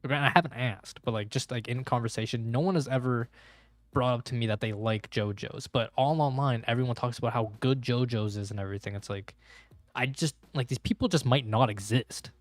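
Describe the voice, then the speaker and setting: A man's voice: medium pitch, brisk, no echo. Slangy young man chatting on stream. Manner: slangy and rambling, full of "bro" and "like". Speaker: streamer reading manga live. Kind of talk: casual live-stream commentary.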